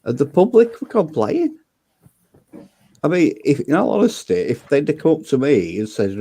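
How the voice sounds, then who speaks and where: A man's voice: on the high side, big pitch swings, normal speed, dark tone, breathy edge, no echo. A man, bluntly telling stories and swearing freely in casual chat. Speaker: debate show guest.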